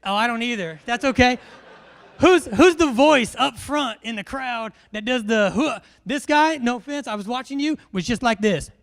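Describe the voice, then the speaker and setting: A man's voice: extremely high pitch, animated, moderate pace. A man, a military instructor giving a live classroom briefing in a large hall, joking and quizzing his audience.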